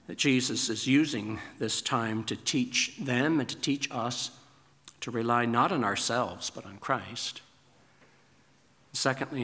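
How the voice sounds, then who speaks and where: A man preaching a sermon as pastor, emphatic, his voice climbing high on rhetorical questions. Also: fairly bright tone. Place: church sanctuary. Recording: reverberant church sanctuary.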